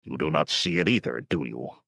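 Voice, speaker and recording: A man voicing a sorrowful one-eyed old warrior who speaks slowly. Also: very deep voice, creaky, fairly bright tone, dry recording, studio quality, full character voice. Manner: slow, sorrowful.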